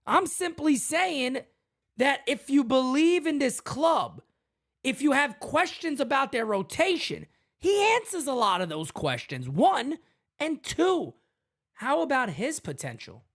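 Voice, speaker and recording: A man's voice: very high voice, very animated, measured pace, fairly bright tone. A man hosting a sports fan call-in show, hammering his points home and repeating lines for emphasis.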